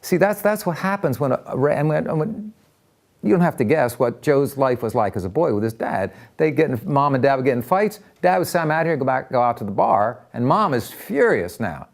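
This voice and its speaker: An older man telling personal stories in an interview, animated, acting out voices and often repeating words as he talks. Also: medium pitch, normal speed. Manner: lively, acts out voices in anecdotes, repeats words. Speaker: interviewee, counselor.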